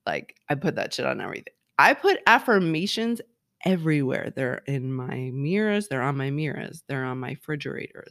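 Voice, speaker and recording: Casual gravelly-voiced wellness coach. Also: medium pitch, no echo, studio quality. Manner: casual, heartfelt, frequent "like" and "right?". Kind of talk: guided affirmation talk.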